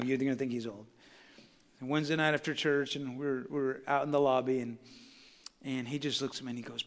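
A pastor preaches to his church, his voice bright and fairly high for a man. He swells and drops as he acts out the people he quotes. A long hall reverb trails every phrase. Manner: preaching with rising intensity and acted quotes. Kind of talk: sermon. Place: church sanctuary.

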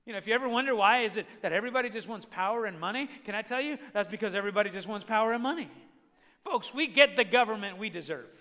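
A pastor preaches with a high, bright, forceful voice, driving his points home with rhetorical questions. His sermon rings with a long hall reverb. He sounds like a man addressing a large congregation. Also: animated, fast.

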